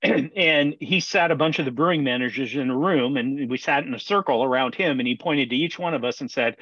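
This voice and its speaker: A man's voice: mid-range voice, brisk, a bit bright, no echo. Laughing storyteller man, dull dry sound. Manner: rambling anecdotes with frequent laughter. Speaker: brewer, podcast guest. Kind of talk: casual storytelling interview.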